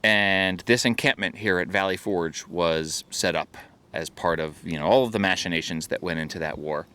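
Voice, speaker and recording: Man, low voice, podcast host, casual joking chat, restarts often. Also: moderate pace, bright, forceful tone, clear, resonant tone. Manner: joking, laughs easily, many restarts. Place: outdoors at a historical park.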